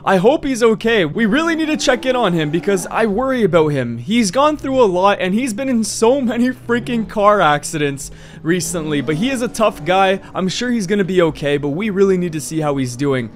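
High-voiced excitable young man. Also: a little fast, slight background noise. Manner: excitable, frequent exclamations. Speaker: gaming video narrator. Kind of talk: excited game role-play commentary.

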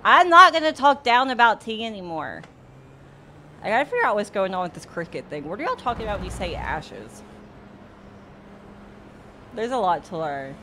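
Lively woman chatting while sim racing. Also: mid-range voice, slight background noise. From Mississippi, US South. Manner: chatty, laughing often, swearing. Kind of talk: casual live-stream chat with viewers while racing. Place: home sim racing setup. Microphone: desktop USB microphone.

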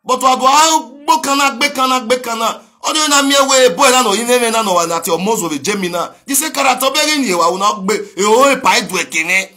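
A man with a husky voice delivering a direct video message, switching between pleading and heated shouting. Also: extremely high pitch, fast, hardly any pauses. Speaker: speaker addressing a rival.

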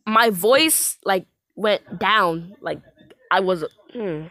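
A woman rapping fast to a beat and stumbling over lines, then talking low and tired about running out of breath. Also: a bit bright, no room sound. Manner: fast rap delivery with stumbles and restarts; drops to a low, tired speaking voice between takes. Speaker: amateur rapper practicing.

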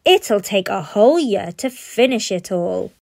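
A woman's voice: high-pitched, wildly swooping pitch, slow, no room sound, voice pushed up, exaggerated voice. A woman voicing a spoiled, greedy rich boy who howls and snarls, in a storybook read-aloud. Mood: smug scheming. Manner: howling, snarling, shouting.

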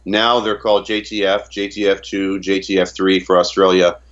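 A man's voice: low-pitched, level tone, normal speed, a bit bright, highs cut off. A man from Canada giving an interview in a casual way, often stumbling and repeating words as he retells conversations. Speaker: interview guest.

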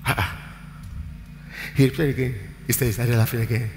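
Nigerian pastor preaching in an echoing hall. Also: male voice, medium pitch, level tone, very fast, creaky, a little hiss or hum. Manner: preaching with shouted, sing-song declarations and storytelling. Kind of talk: live church sermon. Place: large church hall. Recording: roomy church hall with music behind.

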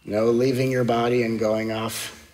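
A man, a spiritual teacher, leading a guided meditation in a soft, slow, gently reassuring way, repeating affirmations. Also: medium pitch, flat delivery. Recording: long hall reverb.

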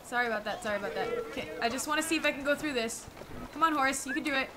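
A young woman streaming a video game, reacting excitably with squeals and shouts. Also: high-pitched, rapid-fire, music in the background. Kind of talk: live game-stream commentary.

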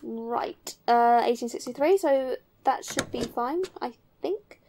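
Young woman, early twenties, casual let's-play chatter, slightly high voice. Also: slow pace, mellow, slight background noise. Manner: chatty, muttering to herself with lots of ums. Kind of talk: casual gameplay commentary.

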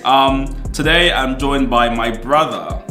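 A man's voice: mid-range voice, slow. A man hosting a casual chat, playful and laid-back in his banter. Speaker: host. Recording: echoey room with music behind.

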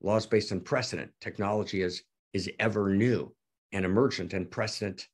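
An effusive man hosting an online gathering over a video call, talking excitedly with frequent repeats and restarts. His voice is low, gravelly and husky. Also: a little fast. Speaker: teacher and host of an online gathering. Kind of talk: excited spontaneous talk to an audience.

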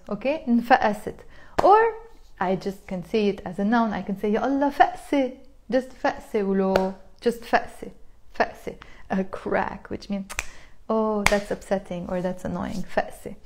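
Lebanese woman teaching a lively lesson. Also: medium pitch. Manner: lively, laughs often, reads student comments aloud. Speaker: Arabic teacher. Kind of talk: live online language lesson.

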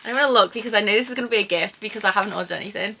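Bright-voiced woman gushing over books. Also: mid-range voice, racing, gravelly. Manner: gushing, excitable, emotional. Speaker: book vlogger. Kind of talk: casual unboxing vlog. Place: home room with bookshelf.

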